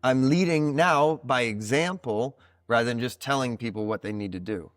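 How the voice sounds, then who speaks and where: A man's voice: medium pitch, normal speed, fairly bright tone, no echo, clean studio sound. A man talking as a podcast guest in casual conversation, explaining ideas in a reflective, teacherly way with plenty of "like" fillers. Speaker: podcast guest, card reader.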